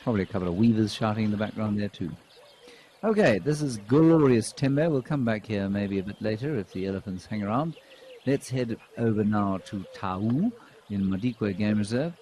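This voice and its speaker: A man hosting a live wildlife cam show, reading out viewer comments and commenting on animals with relaxed, dry humor. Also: fairly low pitch, moderate pace, a little hiss or hum. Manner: dry, deadpan jokes.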